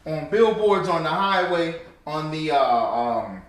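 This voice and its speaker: A man's voice: on the high side, animated, slow. A man preaching with fiery, mocking commentary, his voice distant from the mic in a very echoey space. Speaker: religious teacher.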